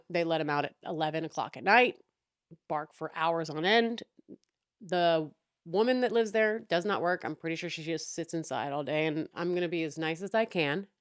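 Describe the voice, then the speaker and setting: A young woman with a fairly low voice vents about her neighbors in a casual, sarcastic rant, swearing freely. The sound is dry and close, with no room around it. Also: no echo. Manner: exasperated, profane, sarcastic. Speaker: podcast host.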